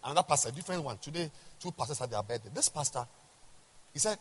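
A man, a bishop, preaching a sermon to a large congregation, emphatic and rhetorical, swinging from quiet asides to shouts. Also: a little high, animated, quick pace, slightly rough. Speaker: bishop and pastor. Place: large church hall. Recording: reverberant church hall.

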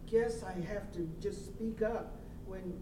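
A class participant speaking up in a discussion, halting and measured, with hesitant pauses. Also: medium pitch, steady tone. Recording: roomy, distant, noisy.

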